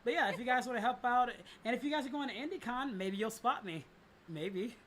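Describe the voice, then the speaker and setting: A young man chats on his livestream in a rambling, unguarded way, full of restarts and casual swearing. His voice sits high and sounds bright and forward, with faint background noise on the mic. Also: a little fast. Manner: rambling, lots of fillers and restarts, swears freely. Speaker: livestream host and voice director.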